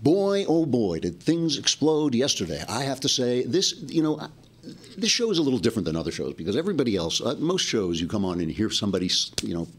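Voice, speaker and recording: Low-voiced man musing on the news. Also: very animated, quick pace, slight background noise. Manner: musing, talks while thinking aloud. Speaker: podcast host. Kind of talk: casual commentary and read ad.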